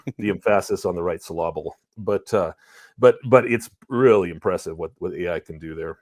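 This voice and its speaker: A man's voice: low-pitched, brisk, darkish tone, no room sound, studio quality. A man co-hosting a podcast, giving casual commentary in a rambling way full of fillers and self-corrections. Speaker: podcast co-host.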